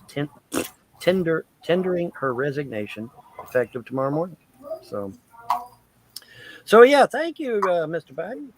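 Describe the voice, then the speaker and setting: A man hosting a casual live chat, rambling and crude and laughing at his own jokes. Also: mid-range voice. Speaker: livestream host.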